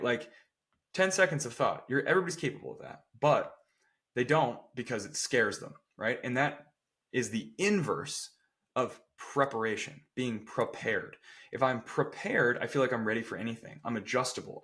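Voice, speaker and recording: A man's voice: mid-range voice, moderate pace, fairly bright tone. A man who works as a strength coach, talking casually on a podcast, emphatic and often checking in with "right?". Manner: acts out people's quotes with playful voices.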